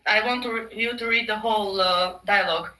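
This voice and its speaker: A woman's voice: medium pitch, fairly quick, bright, forceful tone, rough recording. A woman tutoring a student on a video call, patient and encouraging, correcting his pronunciation. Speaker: language tutor. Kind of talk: casual online tutoring.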